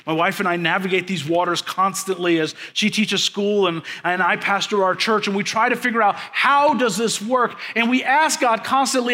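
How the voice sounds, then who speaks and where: A man in his thirties preaching a sermon in a high, bright voice. He builds to emphatic, repeated lines. Then he drops to a soft, quiet voice to tell stories about his children. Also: steady tone, normal speed, few pauses. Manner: preaching with rising, emphatic repetition. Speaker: pastor.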